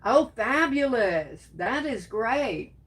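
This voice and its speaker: Woman, crafting livestream host; warm pet names for viewers, sneezing between comments. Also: fairly high pitch, big pitch swings, takes it slowly. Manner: affectionate, calls viewers baby and darling. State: sneezing and coughing. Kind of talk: casual livestream chat reading comments.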